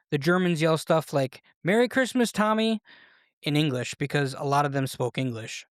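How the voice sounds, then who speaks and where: A podcast host narrating history with a playful, animated storytelling manner at a middle pitch. The sound is dry and close, with no room echo. The delivery feels scripted but lively.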